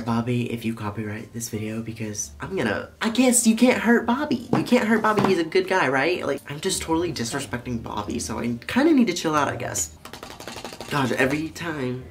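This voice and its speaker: Giggly rambling young man, lively swings. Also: fairly high pitch. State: high. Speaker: YouTuber. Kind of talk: casual vlog commentary.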